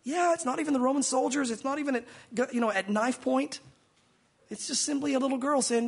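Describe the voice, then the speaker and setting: A man preaching a sermon in an animated way, acting out biblical dialogue in different voices. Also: very high voice, brisk, vocal fry, breathy edge. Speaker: pastor.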